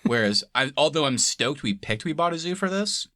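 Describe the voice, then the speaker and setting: Podcast co-host, male, bright lively voice, dry close mic, loose and laughing. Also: a little high, moderate pace, no echo. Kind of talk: casual movie-review chat.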